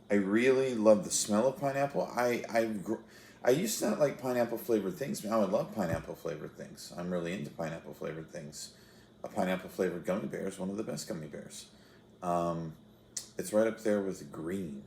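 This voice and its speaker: A man's voice: deep voice, darkish tone, roomy sound, a little hiss or hum. A man in his thirties hosting a fruit-tasting web show, chatting casually to the camera in a rambling, self-deprecating way with filler restarts. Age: 30s.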